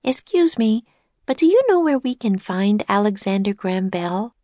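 A woman voicing an eager, curious young girl on an adventure, in a lively storybook character voice. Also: medium pitch, no room sound, pitched above the performer's own voice, natural voice. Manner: excited, quick, bold.

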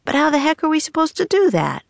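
A woman's voice: low-pitched, a little slow, gravelly, no echo, heavily acted. A woman reading the lines of a sulky, cross young boy in a storybook, with a sullen, muttering manner.

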